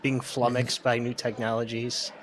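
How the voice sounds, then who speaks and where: A man's voice: mid-range voice, a little hiss or hum. A man co-hosting a casual podcast chat, adding laid-back asides and chuckling at his own bits. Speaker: podcast co-host.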